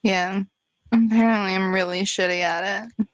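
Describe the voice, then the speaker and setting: A woman's voice: medium pitch, steady tone, normal speed, no echo, dull audio. A woman playing in a tabletop role-playing game, giggly and laughing often. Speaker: player.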